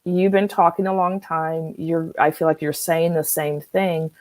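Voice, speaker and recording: A woman hosting an online wellness workshop, speaking calmly and acting out sample phrases for difficult conversations. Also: sits low, no echo, poor audio. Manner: calm, measured, acts out sample phrases. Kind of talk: live online workshop talk.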